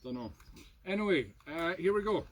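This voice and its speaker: A man's voice: expressive, moderate pace. A Scottish man hosting a live music stream, joking playfully and mocking himself. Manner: playful, self-mocking, with sudden high squeals at the dog. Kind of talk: jokey live-stream banter. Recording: noisy background.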